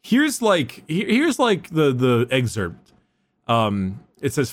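A man co-hosting a podcast, chatting casually and excitedly about fantasy lore, swearing freely and restarting his sentences. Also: medium pitch, takes it slowly. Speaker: podcast co-host.

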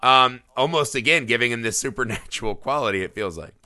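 A man's voice: mid-range voice, fast, bright, forceful tone, no echo. A man co-hosting a casual film discussion podcast, recapping scenes like a storyteller, swearing freely and acting out characters' lines. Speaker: podcast co-host.

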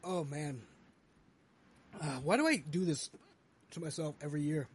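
A man's voice: on the high side, expressive, moderate pace, a little hiss or hum. A man hosting a casual chat who groans and swears in pain while eating a very spicy chip. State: in pain from burning spice. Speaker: podcast host.

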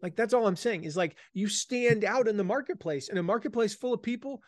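A man from the American South speaking as an author and guest in a conversational interview, energetic and emphatic, repeating his key phrases. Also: sits high, a little fast, no echo. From Southern United States.

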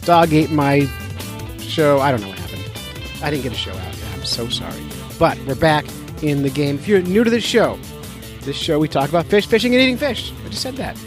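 A man's voice: on the high side, animated, fairly quick, music in the background. A man hosting a fishing podcast, talking in a goofy, self-mocking, chatty way. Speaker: podcast host. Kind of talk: casual podcast intro.

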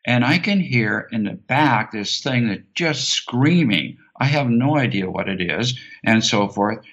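A man telling a long personal anecdote as an interview guest, animated and acting out the voices of the people in it. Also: mid-range voice, a little slow, husky. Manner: animated, acts out quoted voices. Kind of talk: anecdotal storytelling. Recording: dull lo-fi sound.

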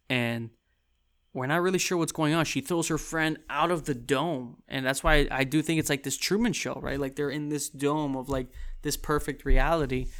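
A man's voice: on the high side, fairly bright tone, clear, resonant tone. A man casually recapping and reviewing a TV episode, rambling with frequent restarts and fillers. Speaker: TV show reviewer.

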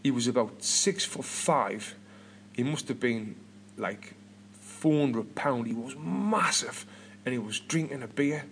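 A man's voice: mid-range voice, lively intonation, takes it slowly, slight background noise. A British man in his thirties hosting a podcast, chatting casually and rambling with lots of restarts and repeated words. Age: 30s. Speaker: podcast host.

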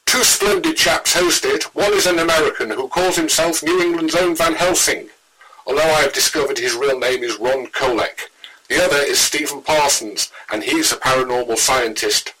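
A man's voice: on the high side, moderate pace, sharp tone, breathy edge, low-quality recording. A man reading a show promo in old-fashioned, genteel phrasing. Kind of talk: scripted promo.

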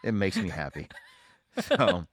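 A man's voice: low voice, wildly swooping pitch, measured pace, dry recording. A man co-hosting a casual movie podcast, joking and gushing with enthusiasm. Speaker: podcast co-host.

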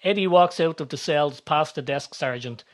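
A man narrating a story in a steady, descriptive reading voice. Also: fairly high pitch, normal speed.

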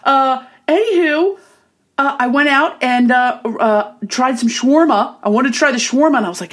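A woman's voice: high voice, normal speed. A young woman hosting her own podcast, talking in a chatty, bubbly, rambling way with frequent restarts. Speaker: podcast host. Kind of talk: casual solo podcast monologue.

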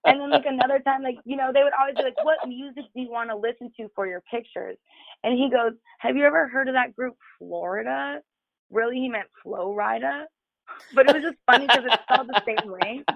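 Woman guest, gravelly voice, dry tinny phone-quality line, profane, candid casual storyteller. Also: high-pitched, fairly quick, no echo. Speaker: podcast guest. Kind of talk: casual chat.

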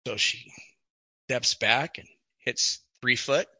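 Slow husky guy telling jokes, really bright tone, dry close mic. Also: medium pitch, no room sound, poor audio. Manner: laughs at his own jokes. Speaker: joke teller. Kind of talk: casual joke telling.

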